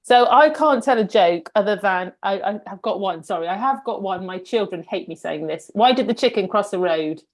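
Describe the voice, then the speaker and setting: A woman's voice: mid-range voice, lively intonation, moderate pace, hardly any pauses. Self-deprecating woman guest, mid-range voice. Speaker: guest, coach. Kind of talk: casual chat.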